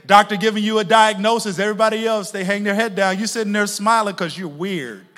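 A male pastor preaching a sermon to his congregation, moving from hushed asides to loud shouted peaks, with playful laughing remarks. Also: sits high, fairly even intonation, a little fast. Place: church sanctuary with a congregation. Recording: long reverb of a large church hall.

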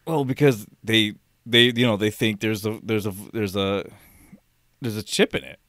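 Rambling, low-voiced man telling stories. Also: fairly even intonation, moderate pace, fairly bright tone, no room sound, clean studio sound. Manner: rambling storyteller, many restarts, laughs while telling, swears. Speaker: office worker. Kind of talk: casual chat.

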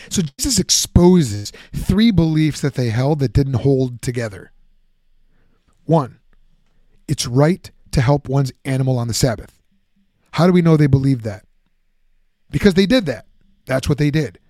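A man giving a lively, conversational Bible teaching, often acting out the objections he answers. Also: medium pitch, normal speed, long pauses, no room sound, studio quality. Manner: animated, conversational, acts out objections.

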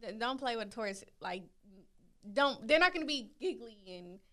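Laid-back woman cohost chatting, slightly high voice, lots of "you know what i'm saying". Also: expressive, moderate pace, a bit bright. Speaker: podcast co-host. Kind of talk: casual chat.

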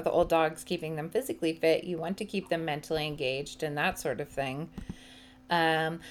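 Casting: low-pitched woman, relaxed and hesitant, podcast chat. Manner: relaxed, many ums and hesitations. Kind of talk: casual chat.

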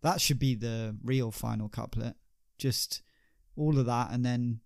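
A man narrates a comic story for his podcast, slow and unhurried, with a gravelly edge to his voice. He is wry and chatty, dropping in rhetorical asides, and the sound is dry and close. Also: mid-range voice, dry recording.

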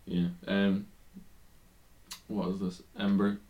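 A man's voice: low voice, flat delivery, slow, narrow, tinny audio, a little hiss or hum. A man co-hosting a casual wrestling podcast, rambling with many ums and restarts and swearing now and then. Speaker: podcast co-host.

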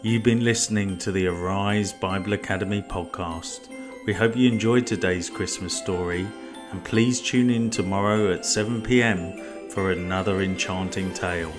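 A man with a very deep voice reads a scripted closing announcement for a podcast. He sounds smooth and inviting. Music plays clearly behind him. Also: fairly even intonation, normal speed.

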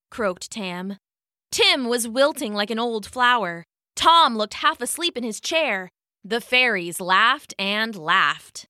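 A woman narrating a scripted spooky story in a measured, unhurried manner. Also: mid-range voice, expressive, pushed and bright, no room sound, studio quality.

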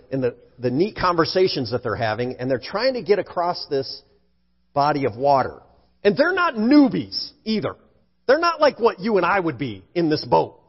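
A male pastor preaching a sermon in an animated way, at times acting out frightened voices. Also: fairly high pitch, slightly rough. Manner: animated, acts out scared voices for effect. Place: church sanctuary. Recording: dull sound with long hall reverb.

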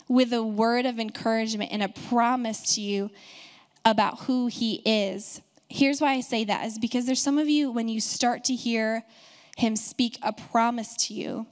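A woman pastor preaching a sermon, telling a story and building to fervent, emphatic proclamation. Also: on the high side.

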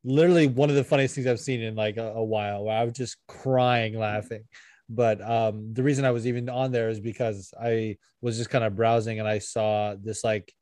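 A man's voice: fairly low pitch, steady tone, fairly quick, a little mellow, no echo. A man hosting a podcast in casual chat, rambling with lots of fillers, laughing often and swearing. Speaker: podcast host.

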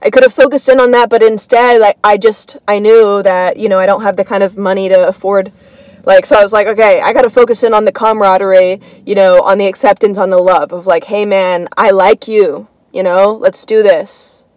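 A woman's voice: mid-range voice, steady tone, a little fast, a little mellow, no room sound, low-quality recording. A woman hosting a comedy podcast, telling a casual story in a rambling way full of fillers and swearing. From United States.

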